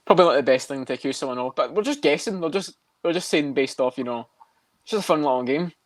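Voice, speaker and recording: A man co-hosting a podcast, riffing quickly and swearing between laughs. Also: a little high, expressive, no room sound. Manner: quick, profane, laughing riffs. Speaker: podcast co-host. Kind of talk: casual podcast chat.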